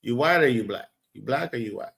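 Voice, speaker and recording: A man's voice: medium pitch, animated, brisk, vocal fry, fairly bright tone. A man hosting a live stream, rambling, profane and blunt as he talks back to his chat. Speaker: livestream host.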